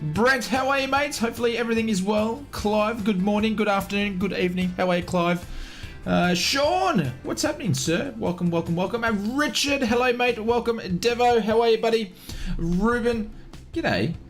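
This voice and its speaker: A man's voice: sits high, moderate pace, faint music behind. An Australian man streaming a flight simulator live, chatting casually and greeting viewers by name one after another.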